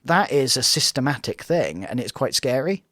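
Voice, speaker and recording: Male co-host, analytical, middle pitch, dead dry mic. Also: big pitch swings, normal speed, fairly bright tone, no echo. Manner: analytical, mimics voices in quotes. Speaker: co-host reacting to reality TV. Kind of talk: casual reaction chat.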